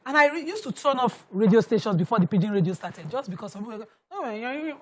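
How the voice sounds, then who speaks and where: A woman's voice: mid-range voice, animated, very fast, darkish tone, breathy edge. A Nigerian woman speaking as a TV panelist, giving her opinion bluntly. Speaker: talk show panelist. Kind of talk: studio panel discussion.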